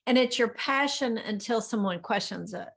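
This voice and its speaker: A woman's voice: a little high, moderate pace, vocal fry. A woman co-hosting a casual spiritual talk over a video call, often agreeing and finishing her partner's thoughts. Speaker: co-host.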